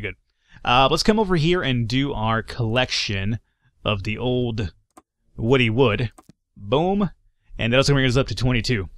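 A man's voice: medium pitch, fairly bright tone, no echo. A man casually commentating a game he plays, chatty and joking, reading dialogue in voices. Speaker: gaming YouTuber. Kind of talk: let's play commentary.

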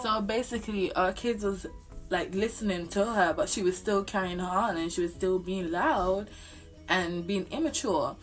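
A woman's voice: medium pitch, normal speed, faint music behind. A young woman telling a storytime vlog, full of slang and swearing. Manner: animated, slangy, swears freely. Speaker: vlogger.

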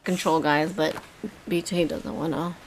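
A woman's voice: low-pitched, steady tone, measured pace, a little hiss or hum. A young woman filming a casual family vlog at home at night, playful and teasing, laughing often. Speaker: vlogger.

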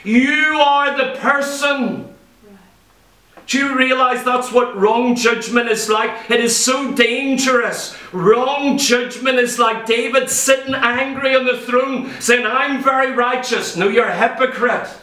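A man's voice: extremely high pitch, slow, pushed and bright. A man preaching a sermon in a church, telling a Bible story with emphatic repetition. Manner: emphatic storytelling preaching, repeats key phrases. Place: church hall. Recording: roomy church sound, mic far off.

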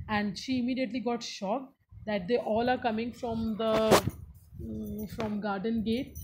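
A woman's voice: a little high, very noisy. A woman teacher who reads a story aloud and then explains it in simple words, often calling out to the student. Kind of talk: reading a textbook and explaining to students.

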